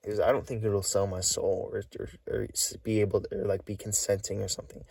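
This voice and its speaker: Male vlogger, weary and short of breath, low and gravelly, halting speech with many restarts. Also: level tone, a little mellow, no echo, recorded from a distance. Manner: halting, full of restarts and repeats. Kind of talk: rambling recorded monologue.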